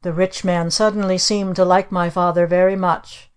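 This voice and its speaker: Woman audiobook narrator, lowish voice, even dry telling. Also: moderate pace, smooth. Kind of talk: scripted narration.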